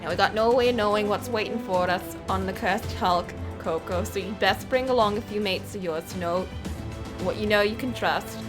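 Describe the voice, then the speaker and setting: A woman's voice: mid-range voice, moderate pace, over music, close to an everyday voice. A woman reading the lines of a swaggering pirate captain, using folksy pirate slang in a coaxing way.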